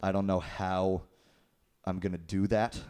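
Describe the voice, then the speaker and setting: A man's voice: low voice, flat delivery, unhurried, darkish tone, clean tone. A man talking as a guest in a casual interview, laid-back and swearing freely. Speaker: guest musician.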